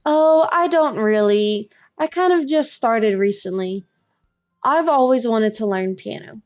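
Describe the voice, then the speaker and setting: A woman voicing a calm, polite teenage club president who speaks gently and apologetically. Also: on the high side, a little slow, muffled recording, soft background music. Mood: gentle.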